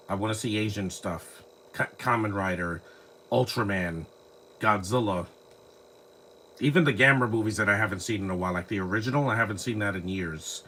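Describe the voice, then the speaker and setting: A man's voice: lowish voice, fairly bright tone, a little hiss or hum. A man casually rambling through a live movie commentary, full of restarts and fillers, recorded on a phone at home. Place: home, lives near trees.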